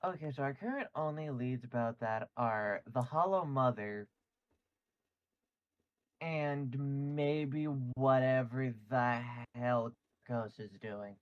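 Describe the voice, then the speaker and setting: A woman's voice: a bass voice, slow, muffled recording. A woman player in a tabletop game, talking bluntly and impatiently, swearing now and then. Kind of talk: tabletop role-play chat.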